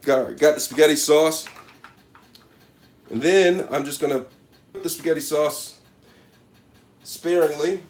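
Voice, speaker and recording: A man's voice: on the high side, unhurried, long pauses, darkish tone. A man hosting a parody cooking video in his kitchen, boasting and talking straight to viewers with repeated catchphrases. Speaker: comedic cooking vlogger. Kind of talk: deadpan parody cooking show. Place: home kitchen.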